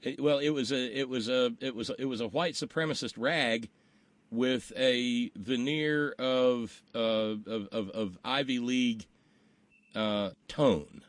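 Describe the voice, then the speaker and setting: A man's voice: medium pitch, slow pace, no echo. Profane wry talk host guy, dry close mic, just chatting. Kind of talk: casual political talk.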